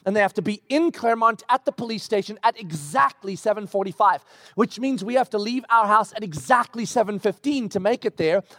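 A middle-aged male pastor preaching, telling a personal story with lively, acted-out bits. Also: high-pitched, a little fast, dry recording, clean studio sound. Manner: animated storytelling with acted-out quotes. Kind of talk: sermon. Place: church.

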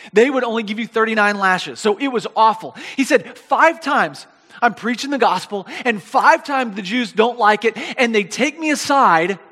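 A man preaching a sermon, animated and reading scripture aloud, often repeating his words. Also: high voice, big-room sound.

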